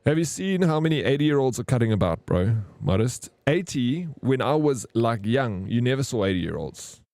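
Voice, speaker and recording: A man's voice: medium pitch, very animated, normal speed, darkish tone, dry recording. A man chats loosely with his live-stream viewers. He drifts from story to story, dropping "bro" all the time. His voice sits mid-range and sounds dry, with no room around it. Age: 30s. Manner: rambling storyteller, slangy, says "bro" often.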